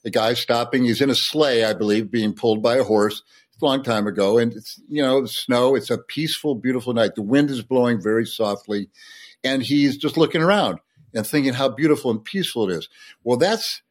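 A man's voice: mid-range voice, brisk. A man, a sportswriter and poet, explaining and reciting a poem with enthusiasm in a podcast conversation.

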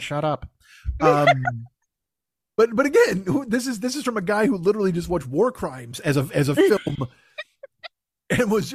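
A man's voice: high-pitched, slightly rough, dry recording, studio quality. A man hosting a podcast, telling a rambling, exasperated story in a casual comedic rant full of swearing. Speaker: podcast host.

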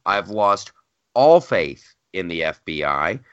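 A man co-hosting a podcast, talking politics in a heated, exasperated way and mimicking others in quick asides. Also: low-pitched, very animated, clean tone, dry recording, lo-fi sound. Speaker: podcast co-host. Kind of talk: casual political chat.

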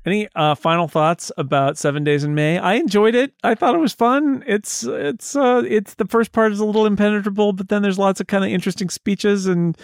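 A high-pitched man hosts a casual film discussion podcast. He is animated and slips into quoted voices to replay scenes. The sound is dry and close. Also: a little fast, hardly any pauses, no echo. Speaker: podcast host.

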